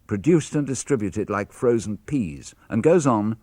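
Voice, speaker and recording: An older man with a British accent reading a father's letters aloud for radio, measured and expressive. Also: lowish voice, no echo. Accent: British English. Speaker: reader of letters.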